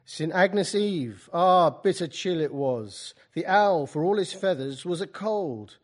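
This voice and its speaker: A man voicing a shy young male romantic poet with a Cockney accent, reading verse slowly and drawn out. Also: high-pitched, animated, pitched above the performer's own voice, full character voice. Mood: brooding.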